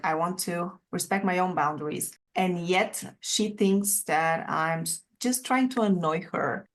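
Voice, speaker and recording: A woman's voice: fairly low pitch, a little slow. A woman hosting a parenting podcast, affirming her guest and asking questions about her own family. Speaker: podcast host. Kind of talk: casual interview chat.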